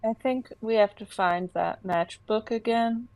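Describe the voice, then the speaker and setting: A woman's voice: on the high side, a little slow, darkish tone, dry recording, poor audio. Woman chiming in with puzzle ideas. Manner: short, upbeat reactions and puzzle suggestions. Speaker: co-op game partner. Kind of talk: casual game chat.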